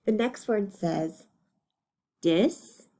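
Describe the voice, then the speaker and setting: A woman's voice: medium pitch, animated, slow pace, dark tone. A woman teacher giving a reading lesson to young children, patient and encouraging as she models words and praises the learner. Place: recorded lesson video.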